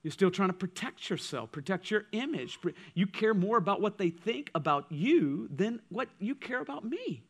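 A man preaching a sermon as pastor, swinging from loud passages to hushed ones. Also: sits high, lively intonation, moderate pace, few pauses. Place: church.

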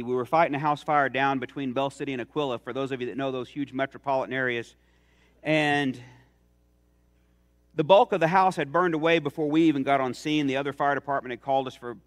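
A man's voice: mid-range voice, a bit bright. A middle-aged man preaching a sermon in a church, telling stories with rising emphasis. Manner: earnest, storytelling with rising emphasis. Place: church sanctuary.

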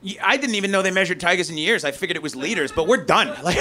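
A man from North America doing a loud, profane, ranting stand-up comedy set on a club stage. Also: sits high, animated, quick pace, hardly any pauses.

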